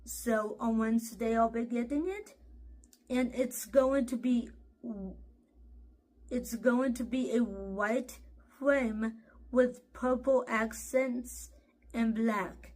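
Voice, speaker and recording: A woman chats casually for her vlog. Her voice sits a little high, and she speaks very slowly. She pauses and repeats her words as she goes. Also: a little mellow. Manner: halting, repeats herself. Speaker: vlogger.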